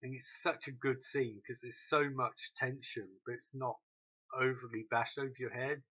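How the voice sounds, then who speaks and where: Man, husky voice, bright tone, sweary animated recap rant, dull lo-fi recording. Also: mid-range voice. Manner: profane, animated, mocking characters in quick quotes. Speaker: show recap host. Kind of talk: ranting episode recap.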